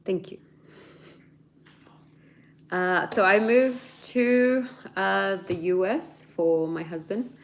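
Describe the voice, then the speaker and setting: A woman's voice: mid-range voice, slow pace, creaky, pauses often, a little hiss or hum. A woman in her thirties with an Australian accent, chatting casually with viewers, laughing often as she answers their questions. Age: 30s. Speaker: YouTuber.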